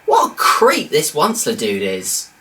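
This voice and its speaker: A woman's voice: sits low, huge pitch swings, unhurried, sharp tone. A woman giving comedic review commentary with sarcastic, incredulous asides.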